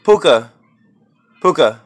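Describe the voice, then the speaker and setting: Guy at home on his phone begging his pet to forgive him, slangy and mock serious, kinda high voice. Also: sing-song, takes it slowly. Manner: pleading, mock-sincere, slangy. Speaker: vlogger talking to his pet. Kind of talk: playful apology to a pet.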